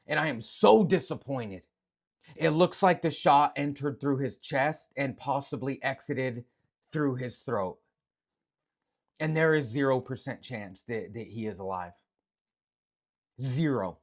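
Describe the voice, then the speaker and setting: Gravelly, unhurried commentator, halting and stammering. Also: mid-range voice. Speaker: online commentator. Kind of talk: emotional reaction video.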